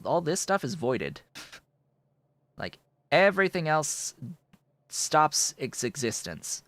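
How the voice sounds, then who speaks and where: Slow, dry-sounding male streamer. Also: smooth, no room sound. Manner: thinks aloud, explaining mechanics with fillers; coos to his cat in a soft high voice between explanations. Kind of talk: casual gameplay commentary.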